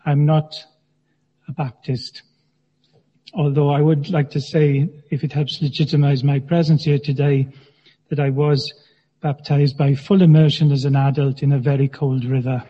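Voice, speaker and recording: A male minister preaching a sermon in a church, in a measured way with gentle humor. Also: fairly high pitch, level tone, slightly rough. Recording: dull sound with long church reverb.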